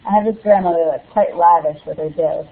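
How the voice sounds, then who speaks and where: A woman's voice: fairly low pitch, a little fast, creaky. A young woman, a student, introduces and reads a novel excerpt aloud, speaking casually with ums between sentences. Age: young adult. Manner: casual, with ums before reading. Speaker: student reader. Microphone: computer or phone call. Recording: tinny phone-like call audio.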